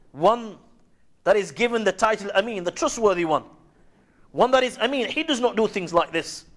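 A male preacher delivering a sermon that retells Islamic history in measured storytelling, with frequent Arabic honorifics. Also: sits high, fairly bright tone.

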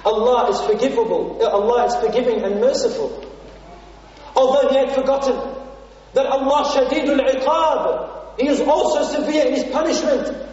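A man's voice: very high-pitched, normal speed, darkish tone. A man preaching a sermon as a first-person story, impassioned and repeating phrases for emphasis. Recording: muffled, echoey hall from far off.

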